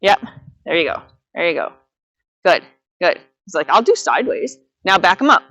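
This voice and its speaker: This woman's voice runs on the low side as she coaches a riding student live, keeping her directions steady and her praise quick and repeated.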